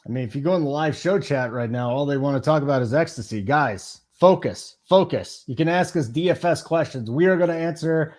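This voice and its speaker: A man's voice: fairly high pitch, fairly quick, few pauses, a little mellow. A man hosting a live fantasy sports show, joking with his co-hosts and plugging promo codes. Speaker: show host.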